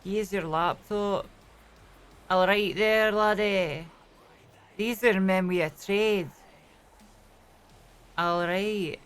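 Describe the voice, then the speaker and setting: A woman putting on a menacing Glasgow hardman with a Glaswegian accent, speaking slowly and low. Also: clean tone. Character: menacing Glasgow hardman telling a violent tale.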